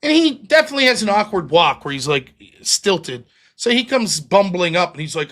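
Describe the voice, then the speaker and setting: Man, livestream host, profane, blunt, heated rant, bright sharp voice. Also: high-pitched, very animated, normal speed, few pauses. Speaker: livestream host reading donations.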